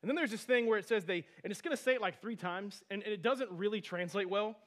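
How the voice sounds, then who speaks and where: A man in his thirties, a pastor, preaching a sermon in a conversational, animated storytelling way with frequent asides. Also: high-pitched, fast talker.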